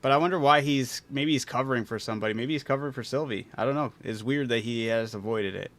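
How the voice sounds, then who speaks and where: A man's voice: medium pitch, fast, fairly bright tone. A man playing a video game, casually reading its text aloud and chatting, laughing often. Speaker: gaming streamer.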